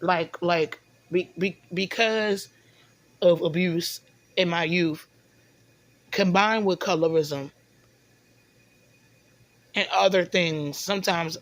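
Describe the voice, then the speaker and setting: A woman with a lowish voice talks slowly and pauses often, with no echo on the recording. It's a casual venting monologue where she rambles, stumbles over repeated words, and often asks "you know what I'm saying."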